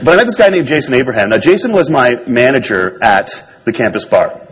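A man's voice: medium pitch, lively intonation, fast talker, rough recording. A man on stage telling a personal story to an audience in a wry, self-deprecating way. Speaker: speaker giving a talk.

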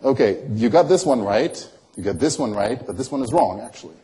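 A man's voice: medium pitch, lively intonation, brisk, mellow. Playful man doing close-up magic. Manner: playful, teasing patter; coaxing, asks many questions.

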